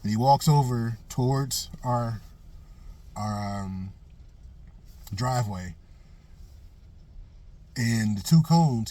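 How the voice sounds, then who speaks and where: A man's voice: mid-range voice, slow pace, long pauses, warm tone. A middle-aged man giving a blunt, profane opinion monologue for his vlog, telling stories and hammering points with repeated phrases. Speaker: vlogger. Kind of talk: casual opinion monologue with storytelling.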